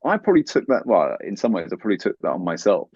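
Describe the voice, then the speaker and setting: A man with a low voice speaks as an interview guest, earnest and advice-giving. The sound is dry and dull, with a lo-fi quality. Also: sing-song, fast, darkish tone, slightly rough, dry recording. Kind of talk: conversational interview.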